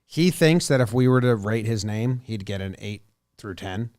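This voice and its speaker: A man's voice: fairly low pitch, animated, normal speed, darkish tone, no echo, clean studio sound. A man co-hosting a casual sports podcast, talking loosely and swearing now and then. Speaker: podcast co-host.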